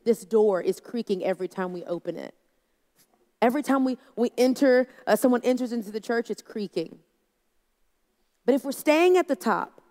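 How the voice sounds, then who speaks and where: A woman speaking to an audience about leading a team, in a conversational storytelling manner that acts out quoted voices. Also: medium pitch. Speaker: conference speaker. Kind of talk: leadership talk to a live audience. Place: large hall with an audience. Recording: long hall reverb.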